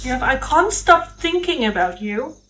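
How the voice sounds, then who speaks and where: A woman's voice: high-pitched, very animated, a little slow, sharp tone, low-quality recording. A young adult woman hosting a live tarot stream, chatting candidly, swearing freely and laughing often. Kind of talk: casual live-stream chat.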